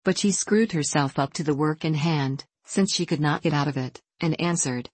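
A woman narrating a classic novel in a measured, even reading. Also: deep voice, slightly rough, no echo. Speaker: audiobook narrator. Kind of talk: scripted narration.

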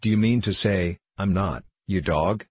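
A man's voice: low-pitched, unhurried, darkish tone, slightly rough, no echo. A man reading the part of a gleeful, cruel grown male dwarf, coaxing in a leering way and then threatening savagely.

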